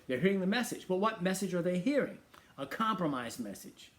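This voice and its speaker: A middle-aged man hosts a talk show in a high voice. He preaches emphatically and asks rhetorical question after question. He often repeats key phrases for weight. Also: big pitch swings, fairly quick, a bit bright. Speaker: radio show host. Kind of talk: preaching monologue.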